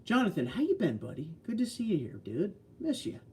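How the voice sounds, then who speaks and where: Blunt, folksy man in his sixties, mellow voice. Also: high voice, wildly swooping pitch, brisk. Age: 60s. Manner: blunt, folksy, opinionated, reads out chat messages. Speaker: livestream host. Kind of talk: casual livestream chat reading viewer comments.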